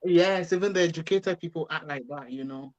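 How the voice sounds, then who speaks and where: A man with a Ghanaian accent speaking as a guest in a casual discussion, halting and restarting often. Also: a little high, highs cut off.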